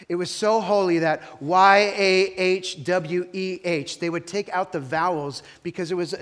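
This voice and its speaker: A male pastor giving a sermon, animated, rising and falling in volume and calling on the congregation to respond. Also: fairly high pitch, big-room sound.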